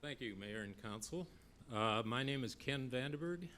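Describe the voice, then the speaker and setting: A man speaks at a council meeting podium, earnest and measured, telling the story of past work in an average-pitched voice. A faint low rumble sits under his speech in the meeting room. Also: lively intonation, a bit bright. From Northeast Iowa. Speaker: public commenter, former council member. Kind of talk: public comment at a council meeting. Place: city council chamber.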